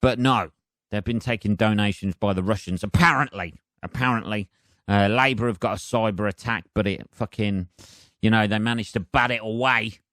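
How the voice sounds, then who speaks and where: Guy doing a solo podcast rant, swears loads, low smooth voice, pokes fun at himself. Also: normal speed, a bit bright, dry recording, studio quality. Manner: sweary, rambling, self-mocking. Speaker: podcast host. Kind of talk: solo rambling podcast monologue.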